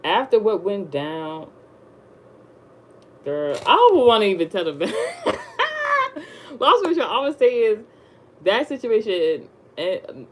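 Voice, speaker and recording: A woman rambles through a casual storytime in loose slang, her voice sitting in a middle pitch. She jumps up high when she acts surprised. A faint hiss of noise sits behind her. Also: moderate pace, long pauses, low-quality recording. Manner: rambling, slangy, animated retelling. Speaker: vlogger.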